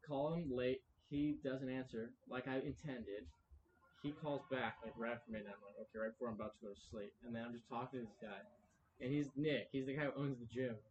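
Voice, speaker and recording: A man's voice: medium pitch, steady tone, a little fast, lo-fi sound, noisy background. A young man telling a long story in casual podcast chat, rambling, with many "like"s and acted-out quotes. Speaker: podcast co-host.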